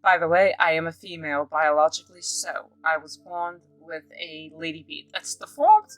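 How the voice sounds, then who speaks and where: A woman from Africa talking casually to camera in a rambling vlog, breaking into sudden excited outbursts. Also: sits low, moderate pace, no echo, low-quality recording. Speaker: vlogger.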